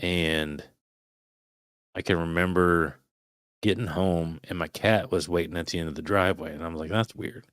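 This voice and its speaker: A man in his thirties, a podcast guest, telling a frightening personal story in casual, swearing, animated talk. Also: deep voice, normal speed, pauses often, smooth, no room sound, clean studio sound. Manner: swearing, animated retelling of a scary night.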